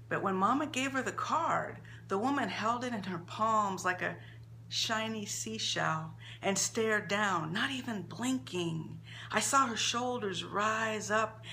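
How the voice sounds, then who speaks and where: A woman author reading her own short story aloud in an expressive, measured storytelling manner. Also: medium pitch, gravelly, a little hiss or hum.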